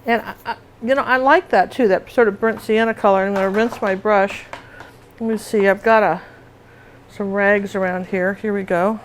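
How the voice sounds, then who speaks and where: A woman's voice: medium pitch, fairly even intonation, moderate pace, slight background noise, rough recording. Chatty woman teaching painting live. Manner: chatty, asks viewers "see that?".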